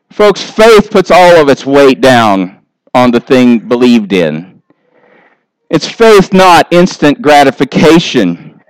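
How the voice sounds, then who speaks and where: High-voiced pastor preaching slowly. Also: male voice, smooth, dry recording, low-quality recording. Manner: animated preaching, acting out short voices. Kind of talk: sermon.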